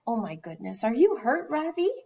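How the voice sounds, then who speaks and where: A woman's voice: on the high side, big pitch swings, moderate pace, vocal fry, mellow, slightly rough, exaggerated voice. A woman voicing a prim female schoolteacher in a storybook reading, speaking in a polite, concerned teacher tone.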